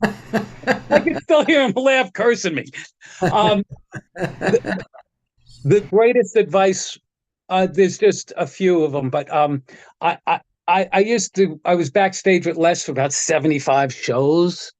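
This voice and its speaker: A man's voice: high-pitched, slow, no room sound. A man telling casual anecdotes as a guest on a video-call chat, acting out the people he quotes and laughing often. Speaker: guest, guitar tech. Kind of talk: casual storytelling.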